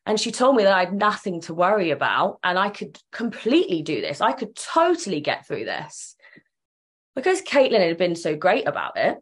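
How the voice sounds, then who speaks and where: A woman's voice: lowish voice, very animated, normal speed, husky. A young woman tells her own story earnestly and emotionally, acting out the remembered dialogue. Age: young adult. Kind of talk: personal storytelling.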